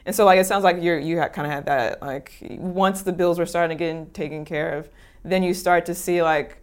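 Smooth-voiced woman podcast host. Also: fairly low pitch, steady tone, brisk. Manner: supportive, reflective, listens and sums up. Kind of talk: casual podcast chat.

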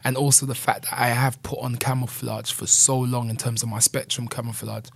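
A man's voice: medium pitch, level tone, fairly quick, gravelly, breathy edge, dry recording. A man speaking earnestly and candidly as an interview guest, often adding "you know". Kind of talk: reflective conversational interview.

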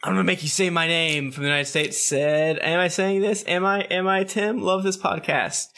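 Guy rattling thru listener reviews, bright voice, pitched a bit high, laughs along. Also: steady tone, normal speed, clean tone. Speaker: podcast co-host reading listener reviews. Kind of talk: quick casual read-through.

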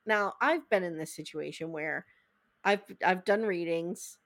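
A woman's voice: lowish voice, a little slow. A woman hosting a podcast, chatting casually as she recaps a TV episode and acts out the scenes. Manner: animated, acts out scenes in funny voices. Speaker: podcast host.

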